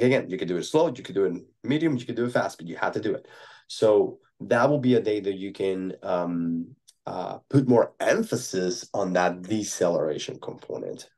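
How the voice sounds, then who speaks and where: Low-voiced man explaining with repeated "right?". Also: warm tone. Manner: thoughtful, explanatory, frequent tag questions. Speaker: performance coach as guest. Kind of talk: podcast interview answer.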